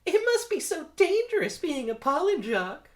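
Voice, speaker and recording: Man doing giggly lady bees, shrill falsetto, flirty, high and bright. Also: big pitch swings, normal speed, full character voice. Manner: squealing falsetto.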